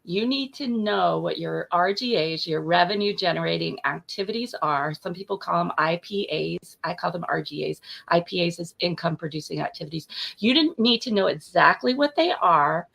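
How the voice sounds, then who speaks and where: Low, gravelly woman giving coaching advice. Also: lively intonation, normal speed, hardly any pauses, fairly bright tone, low-quality recording. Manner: direct, practical advice-giving. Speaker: business coach guest. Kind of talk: casual interview talk.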